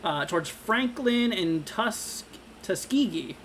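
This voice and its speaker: A young man hosting a live severe-weather stream, talking casually with lots of fillers and halting restarts while reading viewer comments. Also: sits high, expressive, a bit bright, a little hiss or hum. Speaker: livestream weather host.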